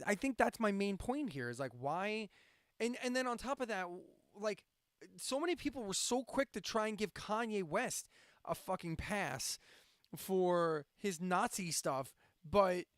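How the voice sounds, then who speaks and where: A man's voice: high-pitched, dry recording, studio quality. A man hosting a late-night casual chat stream, ranting and swearing, from central Pennsylvania. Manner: ranting, profane, sarcastic. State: insomniac, drinking coffee late at night. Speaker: live-stream host and radio DJ.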